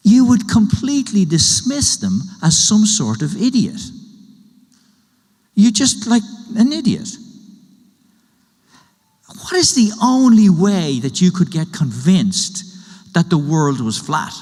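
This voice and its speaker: A man's voice: high-pitched, wildly swooping pitch, takes it slowly, pauses often, darkish tone, big-room sound. A man preaching a sermon in a conversational way, building his point through everyday illustrations and questions. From Ireland. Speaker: pastor.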